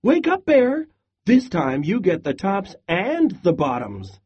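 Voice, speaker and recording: A man voicing a scheming male hare in a storybook read-aloud, with a smooth-talking, chirpy patter. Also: on the high side, huge pitch swings, slow, lo-fi sound, full character voice. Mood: calling loudly. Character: sly scheming male hare, cheerful trickster.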